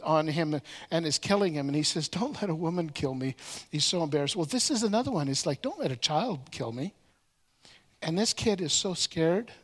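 A man delivers a sermon with animated storytelling, voicing the characters' lines himself. His speech is full of quick restarts and repeated words. The sound carries a long reverberant tail, as in a large hall. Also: on the high side. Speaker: preacher.

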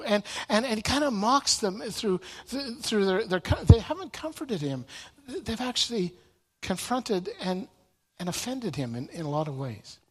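A man's voice: sits high, very animated, normal speed, breathy edge. A man teaching from the Bible in sermon style. He often repeats words and restarts his sentences. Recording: long reverb in a large room.

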